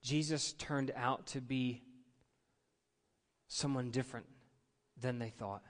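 A man's voice: mid-range voice, steady tone, takes it slowly. A middle-aged male pastor preaching a conversational sermon in a church, leading his congregation in call-and-response. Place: church sanctuary. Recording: long reverb of a large hall.

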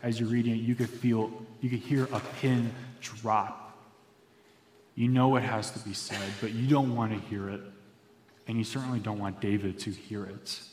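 A man's voice: on the low side, a little hiss or hum. A man preaching a sermon as pastor, in an earnest, reflective storytelling manner. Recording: echoey hall reverb.

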